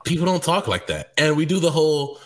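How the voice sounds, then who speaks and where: A man co-hosting a podcast, talking in a confident, animated way with frequent laughs. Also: a little high, fairly quick. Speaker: podcast co-host. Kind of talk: casual chat.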